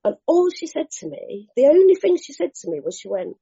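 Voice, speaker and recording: A woman sharing her recovery story at a meeting, candid and lively, acting out scenes with slang and the odd swear. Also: high voice, brisk, creaky. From Bristol, England. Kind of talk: animated personal storytelling. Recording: dull lo-fi meeting recording.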